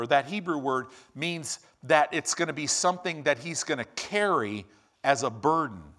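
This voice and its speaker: A man preaching a sermon in an animated, exclamatory way with quick asides. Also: a little high.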